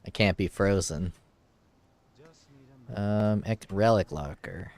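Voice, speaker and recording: Profane, excitable male game streamer. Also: low-pitched, slow. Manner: profane, excitable, reads item text aloud. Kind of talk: casual gameplay commentary.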